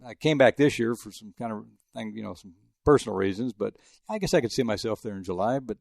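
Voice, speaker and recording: Older male sportswriter guest, rapid-fire, gravelly, rambling anecdotes, dry close mic. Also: lowish voice, expressive, a little mellow, no room sound. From El Paso, Texas. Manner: rambling anecdotes with frequent restarts. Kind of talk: casual interview storytelling.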